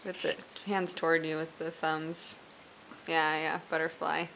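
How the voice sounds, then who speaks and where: Slow, coaxing mother quizzing a toddler. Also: deep voice, little pitch movement, creaky, a bit bright, slight background noise. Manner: slow, encouraging, praising with frequent laughs. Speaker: parent. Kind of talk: coaxing a toddler through animal sounds and baby signs.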